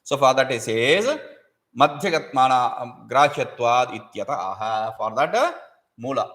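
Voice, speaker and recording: A man's voice: medium pitch, expressive, moderate pace, a bit bright. A man teaching a grammar lesson, patiently explaining and repeating terms and asking rhetorical questions. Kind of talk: explanatory lecture.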